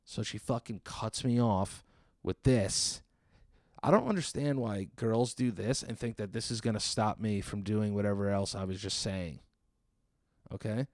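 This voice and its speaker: A man's voice: fairly low pitch, measured pace, dry recording, clean studio sound. A man telling a stand-up story in a sarcastic, exasperated way, acting out the people in it. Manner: exasperated, sarcastic retelling with acted-out quotes.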